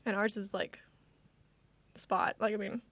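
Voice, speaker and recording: A woman's voice: medium pitch, little pitch movement, a little slow, gravelly, a bit bright, no room sound. A young woman, co-hosting a casual chat and talking with lots of fillers. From United States. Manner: chatty, lots of fillers and laughter. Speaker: co-host.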